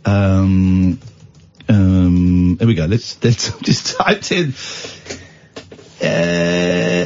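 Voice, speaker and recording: A man's voice: deep voice, extremely slow, creaky. A British man hosting a comic late-night radio show, playful and theatrical. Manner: playful, theatrical, swings between shouts and mumbles. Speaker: radio host. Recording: dull radio sound with music behind.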